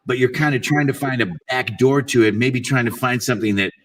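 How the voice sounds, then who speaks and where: A man's voice: mid-range voice, distant mic. A middle-aged man, a voice actor talking casually and playfully about creating character voices. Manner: playful, quick-shifting between voices. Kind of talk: casual talk about voice acting.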